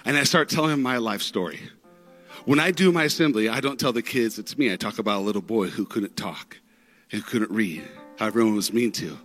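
A man preaching a sermon through stories, dramatic, with big swings in pitch and loudness. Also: brisk, soft background music. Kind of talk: sermon storytelling.

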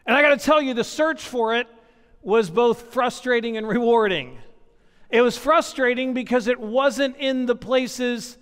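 A man's voice: very high voice, fairly bright tone, smooth. A man preaching a sermon as pastor, building points through repetition and personal stories. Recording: long hall reverb.

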